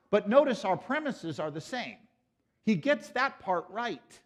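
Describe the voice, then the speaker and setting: A man giving an animated lecture at a conference, joking with and quizzing a live audience. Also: high voice, moderate pace. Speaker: conference speaker. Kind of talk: pro-life apologetics lecture.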